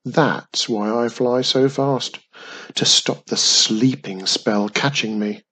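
A man voicing a grumpy male talking flying castle, booming and loud, with old-fashioned phrasing. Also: slow, slightly rough, heavily acted.

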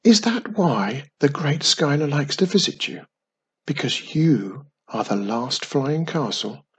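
Brief: young girl witch, high, eager, breathy, played by a man. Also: very animated, measured pace, darkish tone, heavily acted. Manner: eager, stuttering when nervous. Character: young female witch, cheerful and curious.

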